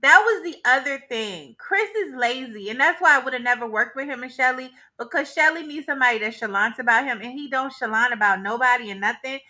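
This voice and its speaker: A woman co-hosting a relaxed recap conversation, with a bright, high voice. She talks animatedly, laughs often and acts out the quoted dialogue as she retells events. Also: a little fast, hardly any pauses. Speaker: co-host. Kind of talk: casual recap chat.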